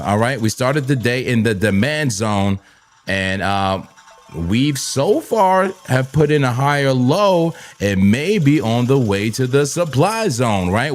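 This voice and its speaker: A man from New Jersey with a Jersey accent, hosting a live trading stream, hyped and repetitive, giving shout-outs and laughing often. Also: medium pitch. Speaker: crypto trading livestream host. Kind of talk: live-stream chat and market talk.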